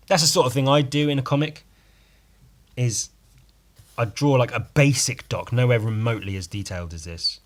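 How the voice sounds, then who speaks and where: A man with a lowish voice talks on his own in a loose, rambling way, tossing in swear words and jokes at his own expense. His tone is dry and sardonic, in a casual solo-podcast style. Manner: sardonic, rambling, swears freely, self-mocking asides. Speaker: podcast host.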